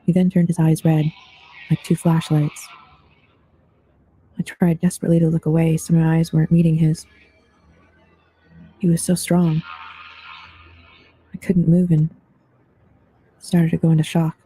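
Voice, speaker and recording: A man narrating true ghost stories in a steady, level reading voice. His tone is very dark and mellow, and it stays flat with little rise or fall. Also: fairly high pitch, a little slow, pauses often, soft background music. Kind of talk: scripted true-story narration.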